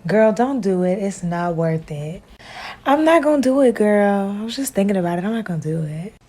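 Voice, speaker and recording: A woman putting on a sassy girlfriend voice, louder and a bit dark, talking herself out of something. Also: mid-range voice, expressive, moderate pace, background noise, close to an everyday voice.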